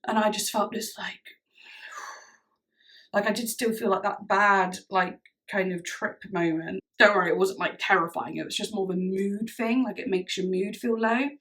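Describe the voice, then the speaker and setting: A woman's voice: medium pitch, moderate pace, hardly any pauses, a bit bright. A woman vlogger telling a personal story to camera in a chatty way, with many "like"s and frequent laughs. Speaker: music vlogger.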